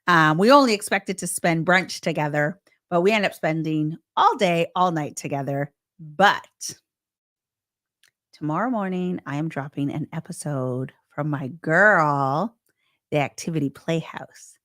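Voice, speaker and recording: A woman with a slightly low voice co-hosts a casual podcast chat. She talks in an animated, emphatic way, jumping from loud bursts to hushed asides. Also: unhurried. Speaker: podcast co-host.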